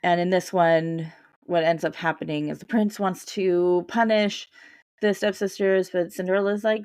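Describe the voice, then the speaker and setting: A woman co-hosting a podcast, sick this week with a deepened voice, retelling a fairy tale in a relaxed, unhurried way with ums and soft laughs. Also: vocal fry, no echo, studio quality. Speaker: podcast co-host. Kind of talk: casual storytelling chat.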